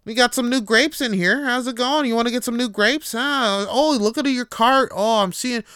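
A man's voice: extremely high pitch, moderate pace, bright, forceful tone, clean tone, no room sound, clean studio sound, pitched above the performer's own voice. A man voicing an overly friendly male grocery store clerk who chatters in a pushy, sing-song way. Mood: chummy.

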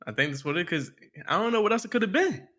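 A man's voice: high-pitched, animated, fast, a bit bright, breathy edge. A man co-hosting a podcast, telling a story in laid-back casual chat, full of slang and swearing. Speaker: podcast co-host.

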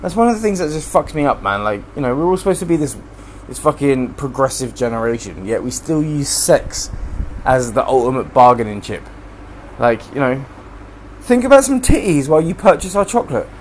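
A man's voice: mid-range voice, animated, brisk, slight background noise. A young man hosting a solo podcast from home, ranting in a profane, rambling, heated way. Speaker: podcast host. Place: room at home.

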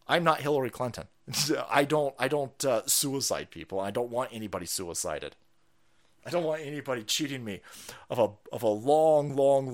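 A man hosting a profane political commentary stream, sarcastic and laughing, who breaks into loud mocking outbursts. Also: medium pitch. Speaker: streamer host.

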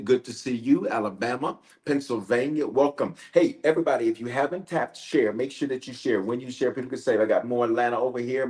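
A man, a bishop, leading a livestreamed prayer night, energetic and repetitive as he calls out to viewers and preaches. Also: medium pitch. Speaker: bishop, pastor. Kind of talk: livestreamed prayer service, casual greeting.

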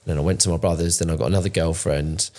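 A man's voice: low-pitched, steady tone, racing, mellow. A man, telling his own story in a candid, emotional podcast chat, swearing often and restarting his sentences. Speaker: podcast co-host.

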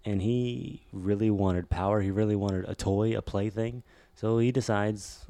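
A man's voice: on the low side, fairly even intonation, unhurried, mellow, dry recording. A man co-hosting a casual chat podcast, rambling and hesitant with many restarts. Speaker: podcast co-host.

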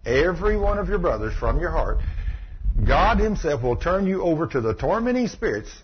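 A man's voice: fairly high pitch, big pitch swings, moderate pace. A man preaching, a folksy and emphatic healing school teacher who retells conversations as he goes. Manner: folksy, emphatic, recounting dialogue. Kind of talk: sermon with storytelling. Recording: muffled recording with faint background hiss.

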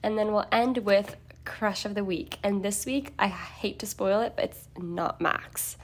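Young female co-host, upbeat and giggly, mid pitch, laid-back recap delivery. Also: unhurried. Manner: upbeat, giggly, reads out lists of figures. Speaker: podcast co-host. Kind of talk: casual podcast chat.

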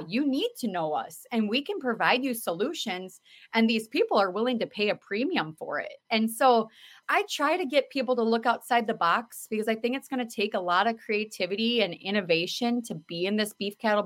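A woman podcast host talking casually, telling stories in an earnest, animated way with many fillers. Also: medium pitch. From South Dakota. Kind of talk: casual conversational talk.

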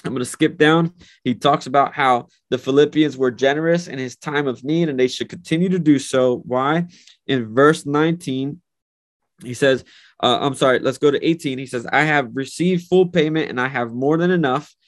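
A man's voice: mid-range voice, moderate pace. A man preaching a sermon and leading a prayer, earnest and emphatic, often repeating his words. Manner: earnest, repetitive, emphatic phrasing. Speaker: pastor.

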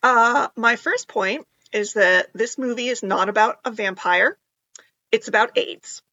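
A woman's voice: a little high, unhurried, bright, forceful tone, no echo. A woman improviser, a guest on a casual podcast, speaking in a plain, matter-of-fact way. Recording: dull lo-fi sound.

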